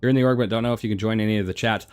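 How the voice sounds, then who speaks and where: Male game streamer, low voice, laid-back and chatty, talks around a throat lozenge. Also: very fast, clear, resonant tone, faint music behind. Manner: relaxed, chatty, answers chat between flying. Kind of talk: casual live-stream chat.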